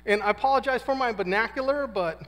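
A man's voice: extremely high pitch, fast talker, fairly bright tone. A man in his fifties giving a casual, slangy testimony talk at a men's conference, acting out quotes as he tells his story. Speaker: guest speaker at a men's conference. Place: conference hall. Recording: long reverb of a large hall.

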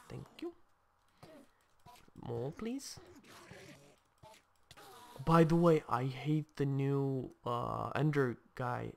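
A man giving casual let's-play commentary, reacting aloud to the game in a chatty, excitable way while attempting a put-on English accent. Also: mid-range voice. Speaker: gameplay commentator.

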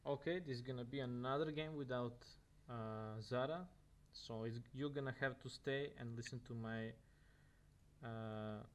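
A man's voice: medium pitch, steady tone, normal speed, slight background noise. Russian-accented male esports caster. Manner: casual, chatty, with many fillers and restarts. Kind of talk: solo game commentary.

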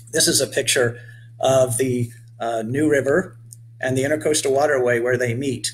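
A man's voice: medium pitch, steady tone, normal speed, a little hiss or hum, poor audio. Man reading a storybook aloud. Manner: gentle asides speaking to children. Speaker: author reading his book. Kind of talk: children's read-aloud.

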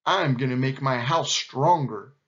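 A man's voice: mid-range voice, measured pace, fairly bright tone, lightly acted. A man voicing a proud, fussy male anteater with a chirpy, sing-song manner. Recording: dull lo-fi recording.

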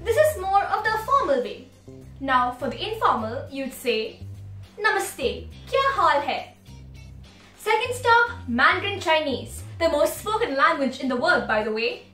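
A woman's voice: high-pitched, very animated, a little slow, sharp tone, reverberant, far from the mic, faint music behind. A young woman from India whose first language is Malayalam, hosting a language channel with playful, theatrical tour-guide patter. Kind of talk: playful scripted presenting.

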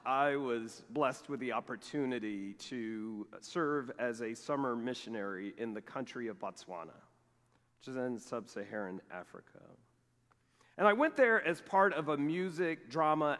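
A middle-aged male pastor preaching a sermon, telling a personal story in a lively way and acting out the dialogue. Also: medium pitch, moderate pace. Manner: animated storytelling, acts out quoted dialogue. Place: large church sanctuary. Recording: long reverb of a church sanctuary.

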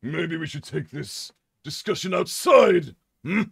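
A man voicing a gruff, impatient male judge who talks in a brusque, commanding way. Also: on the high side, animated, measured pace, no room sound, studio quality, voice pushed up, heavily acted.

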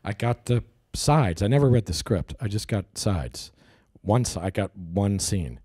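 A man's voice: fairly low pitch, lively intonation, a little slow, mellow, breathy edge, no echo, clean studio sound. A middle-aged man answering interview questions in a casual, hesitant way, acting out people he quotes. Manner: hesitant, restarts, acts out quoted voices animatedly. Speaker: actor interviewee.

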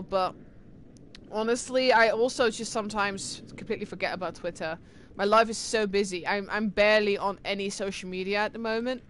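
A woman streamer chatting casually with her live viewers, excitable and talkative as she answers chat. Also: mid-range voice, slight background noise. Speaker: game streamer.

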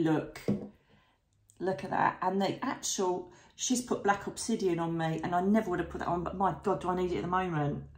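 A woman's voice: lowish voice, fairly quick. A middle-aged woman talking to her followers in a casual vlog, effusive and emotional, with frequent fillers and asides. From Britain. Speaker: psychic medium vlogger.

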